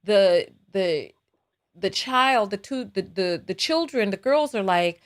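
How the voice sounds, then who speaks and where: A woman's voice: medium pitch, lively intonation, takes it slowly. Woman hosting a live call-in show. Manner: conversational, repeats phrases while thinking aloud.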